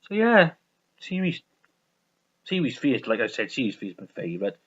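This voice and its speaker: A man's voice: mid-range voice, big pitch swings, normal speed, husky. A man chatting casually on his vlog, rambling and swearing, often stumbling and laughing. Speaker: vlogger. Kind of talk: casual chat reviewing a sitcom. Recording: dull lo-fi recording.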